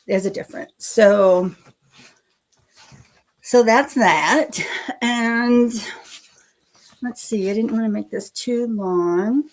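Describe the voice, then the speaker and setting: A middle-aged woman chatting on a live stream, rambling and self-deprecating. She laughs often and swears casually. Her voice has a gravelly fry, and she talks at an unhurried pace. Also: a little high.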